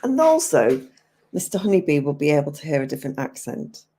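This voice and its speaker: A woman's voice: sits low, very animated, brisk, warm tone, husky. An English woman in her fifties hosting a livestream, chatting casually and answering viewers' comments aloud with frequent laughter. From England. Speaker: livestream host.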